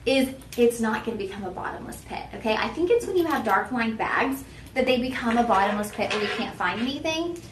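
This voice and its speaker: A young woman fronts a live shopping show, expressive and fairly quick, talking right to her audience and ribbing herself as she chats. Her voice is a touch high, and the studio sounds spacious with a faint hiss beneath.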